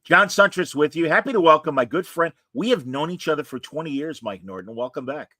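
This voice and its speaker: A man hosts a relaxed chat show, his voice bright and forceful and pitched a touch above the usual. He talks in a rambling way, full of fillers and restarts. The sound is dry and close. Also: fairly quick, dry recording. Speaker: host. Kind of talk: casual chat.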